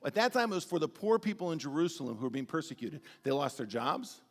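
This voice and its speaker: A man preaching a sermon as pastor, telling animated, humorous stories with big swings in his voice. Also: fairly high pitch, fast talker. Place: church sanctuary. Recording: long church-hall reverb.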